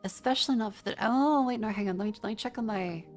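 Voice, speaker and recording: A young woman with an Australian accent chats loosely with her viewers, reading their messages aloud and tripping over restarts. Her voice sits in a middle pitch. Faint music plays quietly beneath her. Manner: chatty, quick restarts, reading chat aloud. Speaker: vtuber streamer. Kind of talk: casual stream chat reading comments.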